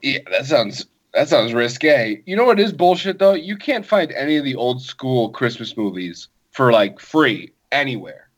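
A man's voice: medium pitch, sing-song, normal speed, hardly any pauses. A man in casual chat, laid-back and slangy, trading opinions on movies.

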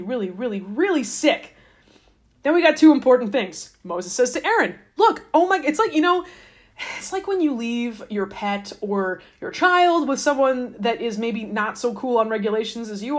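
A woman casually retelling a story with sarcastic, slangy asides, often laughing. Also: a little high. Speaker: podcast host reading through the Bible.

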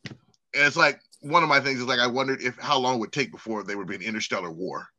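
A man's voice: medium pitch, quick pace, sharp tone. A man co-hosting a casual chat, ranting in a profane way and often restarting his sentences.

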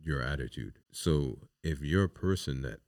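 Very deep-voiced man hosting a podcast. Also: expressive, creaky, a little mellow, no room sound, studio quality. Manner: halting, restarts, frequent "you know what I mean". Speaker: podcast host. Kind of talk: casual chat.

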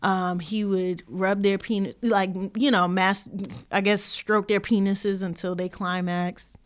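A woman's voice: medium pitch, measured pace, clean tone. Chatty woman podcast host. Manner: rambling, animated retelling with slang. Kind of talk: casual chat.

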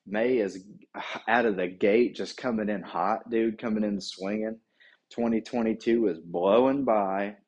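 A man's voice: on the low side, a little mellow. A man in his thirties chatting casually on his own, rambling and laid-back, swearing and tossing in "dude" and "man". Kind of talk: casual solo chat.

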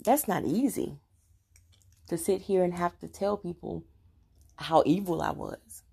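A woman's voice: on the low side, unhurried, gravelly, darkish tone, husky. A woman speaking earnestly and preachily, straight to her viewers in a confessional devotional talk about her faith. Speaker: Christian vlogger sharing her faith journey.

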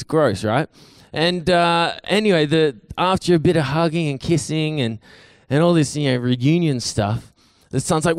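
A man's voice: fairly high pitch, normal speed, clean tone, dry recording, clean studio sound. A young man, giving a casual storytelling sermon as guest speaker, joking with lots of fillers and asides. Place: church service.

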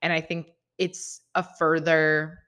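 A young woman hosts her own podcast in a casual solo chat, rambling along and packing in lots of "like" fillers. Her voice is low-pitched and a bit bright, with a flat, slow delivery.

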